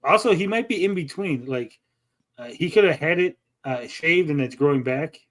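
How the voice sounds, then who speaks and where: High-voiced man in crude stream banter. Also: lively intonation, moderate pace. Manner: mocking, profane, keeps tagging lines with "bud". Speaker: livestream co-host.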